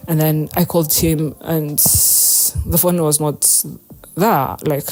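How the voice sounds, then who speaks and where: A woman's voice: low-pitched, little pitch movement, slow pace, a little mellow. A young adult woman hosting a podcast, telling a personal story in a rambling, chatty way, laughing often and swearing casually. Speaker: podcast host.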